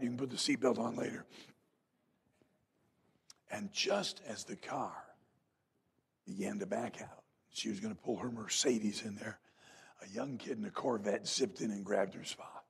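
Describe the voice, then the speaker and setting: A man preaching a revival sermon in a church, telling folksy stories and rising to loud emphatic peaks. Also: medium pitch, animated, moderate pace, gravelly, husky. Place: church sanctuary.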